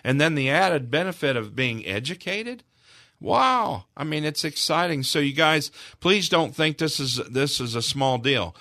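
A man's voice: on the high side, expressive, unhurried, bright, forceful tone, no room sound, studio quality. A man speaking as a guest on a charity radio broadcast, telling a heartfelt story in an earnest, emotional way with frequent restarts.

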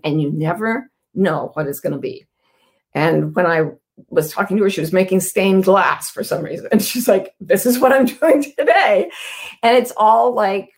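Woman, show host, casual heartfelt talk, intimate, sometimes near-whispered, medium pitch. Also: gravelly. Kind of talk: casual spoken reflection to an online audience.

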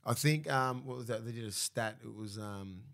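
Brief: Australian man, 30s, ex-footballer guest, loose sweary storytelling, voices other people in anecdotes, mid-pitched. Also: normal speed, gravelly. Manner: swears freely, animated storytelling with mimicked voices. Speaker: former rugby league player, guest. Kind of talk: casual podcast chat.

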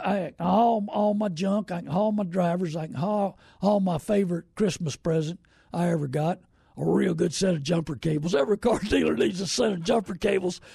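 Gravelly folksy man, rambling. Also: sits high, darkish tone, no echo, clean studio sound. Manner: folksy and rambling, greets viewers by name. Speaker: host of a car-buying show. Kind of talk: casual live-stream talk.

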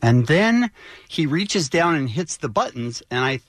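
A man co-hosting a radio show, telling a story in a casual, animated way and acting out the voices of the people in it. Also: fairly high pitch, a little slow.

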